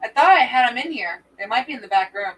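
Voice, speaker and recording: A woman co-hosting a casual stream, giving offhand, drawn-out replies. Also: on the high side, lively intonation, distant mic, slight background noise, rough recording. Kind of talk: casual chat.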